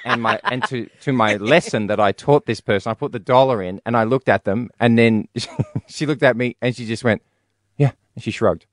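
A man's voice: medium pitch, fairly quick, no room sound. A man hosting a breakfast radio show in a studio, telling stories animatedly and laughing often. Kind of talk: casual on-air banter.

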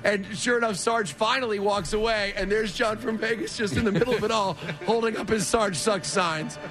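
A man co-hosting a sports radio show in a studio, telling a story in a rambling, animated way with lots of "like.". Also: high voice, normal speed, music in the background. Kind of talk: casual chat, storytelling.

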